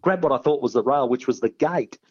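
Australian man telling a lively anecdote. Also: mid-range voice, brisk, husky, highs cut off. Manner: animated storyteller, acting out voices, laughing. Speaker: guest. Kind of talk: storytelling anecdote.

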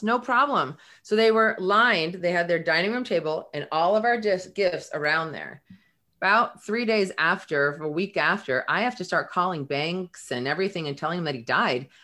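A middle-aged woman, a guest, telling an emotional personal story and acting out the dialogue in it. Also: sits low. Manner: animated, acts out quoted dialogue.

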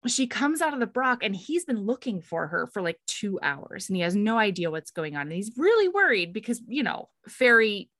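A woman chatting through a novel's plot in a loose, animated way, dropping into quick character voices and casual swearing. Her voice sits in a middle pitch. The sound is dry and close, with little room around it. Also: no room sound. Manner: animated storyteller, acts out characters' lines. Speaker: book discussion co-host. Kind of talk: casual chat recapping a novel.

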